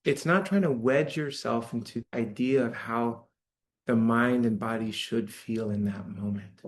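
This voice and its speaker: A man gives a dharma talk to a live audience in a church hall. He speaks in a relaxed, conversational way, often checking in with the listeners. His voice sits at an ordinary middle pitch. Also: a little slow. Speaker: meditation teacher.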